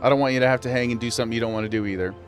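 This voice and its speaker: A man's voice: mid-range voice, fairly even intonation, very fast, faint music behind. Playful man chatting on a game stream. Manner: playful, laughs often, talks straight to chat. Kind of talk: casual live-stream chat while gaming.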